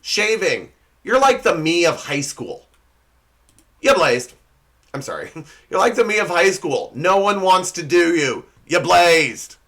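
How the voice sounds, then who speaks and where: A man's voice: high-pitched, big pitch swings, unhurried, fairly bright tone. A young man hosting a comedy show, delivering a sarcastic scripted roast monologue and laughing at his own slips.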